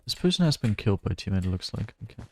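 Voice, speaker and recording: A man's voice: on the low side, very animated, racing, darkish tone. A male streamer chatting casually while playing a game, rambling and laughing often. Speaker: gaming streamer. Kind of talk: casual gameplay commentary.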